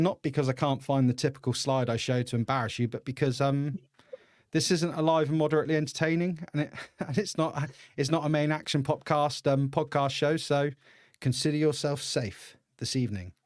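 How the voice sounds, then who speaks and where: A man's voice: fairly high pitch, brisk, a little mellow, no echo, clean studio sound. An English man hosting a casual live-stream podcast, chatty and laughing often as he greets viewers. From England. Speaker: podcast host.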